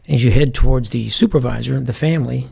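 Gravelly-voiced man telling police stories. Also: mid-range voice, quick pace. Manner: lively, acts out quoted dialogue in different voices. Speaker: former police commander. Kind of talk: anecdotal interview storytelling.

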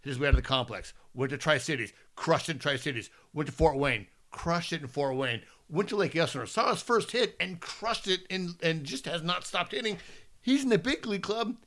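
A fifty-year-old man with a bright, forward voice co-hosts a podcast, chatting casually. He tells stories in an animated, rambling way, restarting his sentences as he goes. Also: fairly high pitch, a little fast. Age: 50s. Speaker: podcast co-host. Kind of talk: casual chat.

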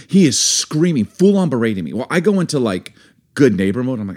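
A man's voice: brisk, slightly rough. A middle-aged man co-hosting a casual chat, telling stories and acting out quotes with big jumps in voice. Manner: animated, acts out quotes with big pitch jumps. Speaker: podcast co-host.

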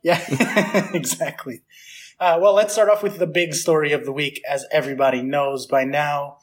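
Husky podcast host. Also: male voice, on the high side, fairly even intonation, moderate pace. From United States. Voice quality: husky, slight vocal fry. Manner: chatty, laughing often. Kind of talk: casual chat.

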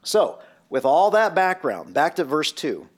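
A man's voice: a little high, very animated, unhurried. A man preaching a sermon and retelling a scene vividly, with many rhetorical questions. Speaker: pastor.

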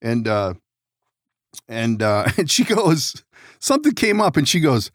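A man's voice: medium pitch, sing-song, measured pace, long pauses, no echo, clean studio sound. A man hosting a podcast, telling rambling stories in casual chat, laughing often and swearing. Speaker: podcast host.

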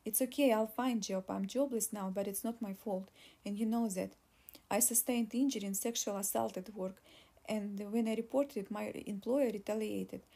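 A woman's voice: mid-range voice, fairly even intonation, moderate pace, creaky, dark tone. A woman voicing a pregnant young woman who pleads and argues in an audiobook reading. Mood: pleading. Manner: pleading, insistent.

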